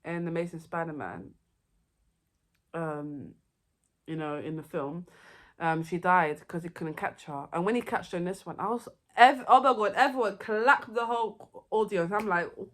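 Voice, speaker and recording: A young woman, chatting excitedly and rambling through her favourite movies in a casual vlog. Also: fairly low pitch, moderate pace. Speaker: vlogger. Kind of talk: casual movie review chat.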